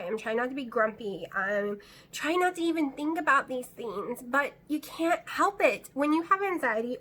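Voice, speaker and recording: A woman's voice: high voice, sharp tone. A middle-aged woman vlogging from home, talking in a rambling, anxious, chatty way. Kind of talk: casual chat to camera. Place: at home, indoors.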